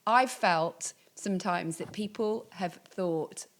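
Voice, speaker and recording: A woman's voice: fairly low pitch, slow pace. A woman with a Birmingham accent who hosts a podcast and asks questions in a candid, reflective way with hesitant restarts. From Birmingham, England. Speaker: podcast host. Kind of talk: conversational interview.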